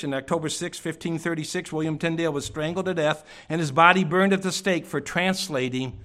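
Preaching to a church congregation, a man with a fairly high voice poses many rhetorical questions and sometimes drops to a hush.

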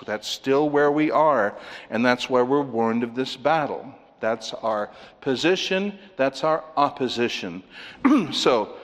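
A man with a mid-range voice preaches a sermon from the pulpit. He speaks emphatically and keeps posing rhetorical questions to his listeners. His words ring out with the long reverb of a big hall. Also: mid-range voice. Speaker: pastor.

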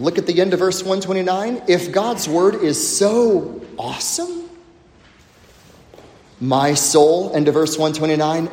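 Man preaching with sweeping, lively pitch. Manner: emphatic preaching with slow dramatic pauses and dropping to a low hush. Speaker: pastor. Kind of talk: sermon. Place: church sanctuary. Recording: echoey hall with long reverb.

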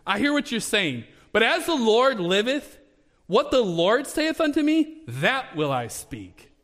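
Man doing a bold prophet, firm, emphatic, high voice, hall reverb. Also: sing-song, slow, fairly bright tone, exaggerated voice. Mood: resolute. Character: bold, unbending male prophet.

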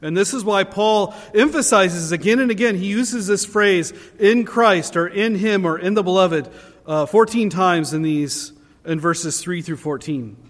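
High-voiced man preaching in a reverberant hall. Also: normal speed. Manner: earnest preaching, rising in emphasis on key phrases. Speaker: pastor. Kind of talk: sermon. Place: church sanctuary.

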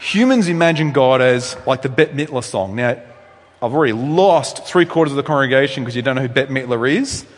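A male pastor giving a conversational sermon with asides, swinging from loud, high emphasis down to soft, low tones. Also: a little fast. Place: church hall. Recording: long reverb in a church hall.

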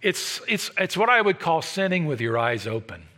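A male pastor delivers a sermon in a high, bright voice. He preaches with dynamic swings, building to loud emphatic peaks and then dropping into hushed, low asides. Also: sing-song, moderate pace.

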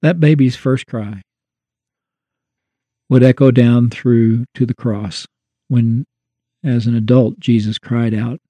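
A man's voice: medium pitch, steady tone, takes it slowly, long pauses, warm tone, no echo. A man co-hosting a Christian talk show, explaining theology in a thoughtful, conversational way. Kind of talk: Christian radio discussion.

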